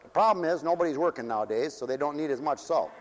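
A man's voice: fairly high pitch, expressive, quick pace, slight background noise. A man pastor preaching a sermon in a mission church hall, folksy and joking, and he swings up into fervent hallelujahs.

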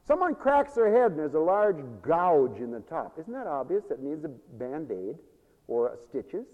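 Animated preacher man in a reverberant hall. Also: unhurried, narrow, tinny audio. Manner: animated preaching, swinging from loud declaiming to low murmurs, chuckling. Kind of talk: sermon.

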